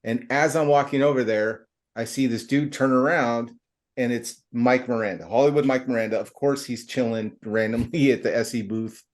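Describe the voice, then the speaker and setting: A middle-aged male podcast host with a medium-pitched voice tells a long, rambling story at a moderate pace. His loose, casual delivery stays animated and chatty, full of fillers, restarts and slang.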